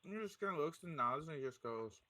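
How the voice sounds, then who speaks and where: A man playing a tabletop game who narrates his character's actions casually. He jokes around easily, and his voice sits a bit high. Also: lively intonation, pushed and bright, no echo. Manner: playful and joking, quick to laugh.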